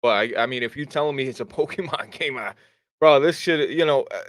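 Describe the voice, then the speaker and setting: A man's voice: on the high side, fast talker, dry recording, studio quality. A man hosting a casual gaming podcast, grumbling and swearing as he calls himself the hater of the chat. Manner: grumbling, profane, self-described hater. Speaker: podcast host.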